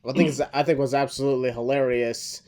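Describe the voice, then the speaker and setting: A man hosting a wrestling review podcast, speaking in a measured way with announcer-like phrasing. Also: mid-range voice, little pitch movement, darkish tone. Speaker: podcast host. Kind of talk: casual wrestling review chat.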